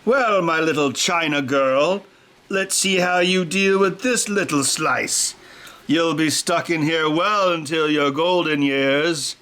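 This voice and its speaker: A man's voice: a little high, pushed and bright, clean tone. A man putting on a taunting impression of a theatrical goblin king villain, drawn out and mocking. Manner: slow, taunting, theatrical drawl. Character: sneering goblin king, mock-seductive male villain.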